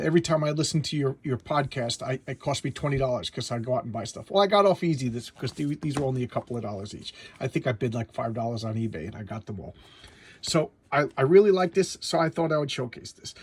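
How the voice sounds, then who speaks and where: Chatty man with a husky voice. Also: on the high side, dry recording. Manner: chatty, stumbling restarts. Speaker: comic book reviewer. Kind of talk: casual comic review.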